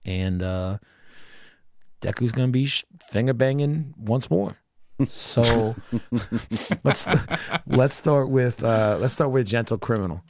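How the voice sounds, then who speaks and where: A man's voice: mid-range voice, takes it slowly, long pauses, a little mellow, a little hiss or hum. A man in his thirties hosting a podcast, rambling and joking with friends and swearing freely. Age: 30s. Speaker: podcast host. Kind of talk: casual podcast chat.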